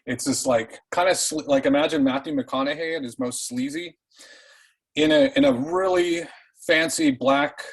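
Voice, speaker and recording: A man in an online reading group telling a true story in a casual, animated way, swearing freely and often restarting his sentences. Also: medium pitch, moderate pace, husky, rough recording. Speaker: participant.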